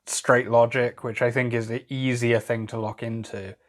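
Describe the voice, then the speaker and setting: A man's voice: mid-range voice, little pitch movement, moderate pace. A young man co-hosting a casual film podcast, talking in a reflective, hedging way. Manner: reflective and hedging, with "I guess" and "sort of". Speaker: podcast co-host.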